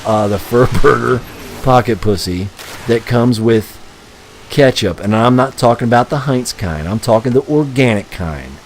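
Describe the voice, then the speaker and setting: A man live-streams a racing game, rambling and ranting crudely to his chat with frequent swearing and chuckles. His voice is medium-pitched, and the rough recording has a little hiss or hum.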